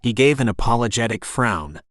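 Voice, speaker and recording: A man reads an audiobook in steady, even scripted narration at a mid-range pitch. The sound is dry and close to the mic, with no room around it. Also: normal speed, no echo.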